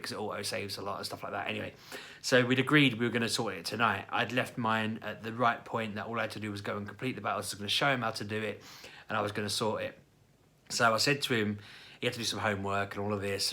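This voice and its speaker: A man in his thirties telling a family story in a casual vlog, jumping into high, animated voices when he quotes people. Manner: chatty, acts out quoted lines with sudden high-pitched voices. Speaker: parent vlogger.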